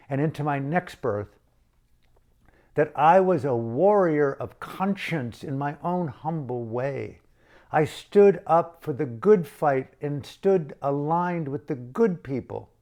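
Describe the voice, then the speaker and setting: Older male activist, slow and fervent, speaks in long rhetorical lists. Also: on the high side, a little mellow. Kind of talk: impassioned monologue.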